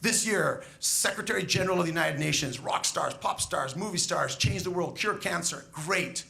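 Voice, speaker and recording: A school educator gives a graduation speech, telling stories emphatically and posing rhetorical questions to the graduates. His voice is a little high and gravelly with a sharp tone, at a normal speed.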